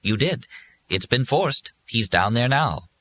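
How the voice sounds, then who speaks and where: A man's voice: mid-range voice, expressive, slow, fairly bright tone, voice pushed up. A man reading an audiobook, voicing a fussy, servile robot servant with formal, precise speech.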